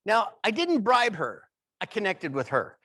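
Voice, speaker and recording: A man with a fairly high voice tells comic stories in a keynote talk, animated and playful in his delivery. The sound is dry and close, with no room echo. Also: unhurried, breathy edge. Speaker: humorist keynote speaker.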